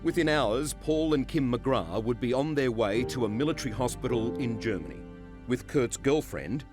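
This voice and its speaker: A man narrates a current affairs report in a measured storytelling voice at an ordinary pitch. A musical bed plays behind him throughout. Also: animated. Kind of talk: scripted TV narration. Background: music underscore.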